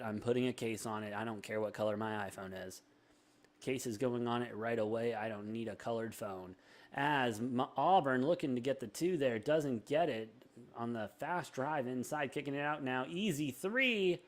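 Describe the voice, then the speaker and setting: A young man hosting a live sports betting show, rattling off quick play-by-play and joking banter. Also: mid-range voice. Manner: rapid, energetic play-by-play with self-deprecating banter. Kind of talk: live sports commentary and chat.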